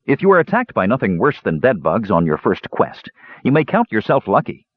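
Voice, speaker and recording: A man's voice: on the low side, wildly swooping pitch, a little fast, husky, no room sound, muffled recording, heavily acted. A man voicing a stern young warrior who bosses his younger brothers, sour and commanding.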